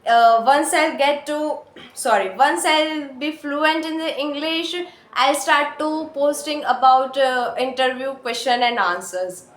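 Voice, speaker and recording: A woman with an Indian accent talking earnestly to her camera, encouraging learners and pausing often on "uh" fillers. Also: high voice. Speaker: English-learning vlogger. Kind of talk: casual talk to camera. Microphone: phone or camera mic. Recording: echoey room.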